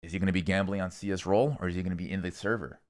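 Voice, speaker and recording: A young man streaming, casually rambling through esports predictions with lots of swearing and thinking out loud. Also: low-pitched, steady tone, racing. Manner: rambling, profane, thinking aloud.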